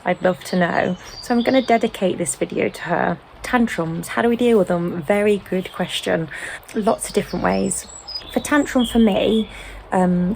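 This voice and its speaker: A British mother in a casual sit-down chat, explaining gently with frequent ums. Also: on the low side, vocal fry, a little hiss or hum, low-quality recording. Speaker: home-educating mother.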